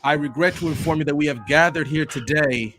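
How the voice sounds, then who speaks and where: A man putting on a preacher's voice for a mock eulogy, swelling loud and dropping soft in sermon cadence. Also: on the high side, a little fast, slight background noise, pitched below the performer's own voice, close to an everyday voice. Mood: solemn. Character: adult male preacher delivering a mock eulogy. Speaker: podcast host.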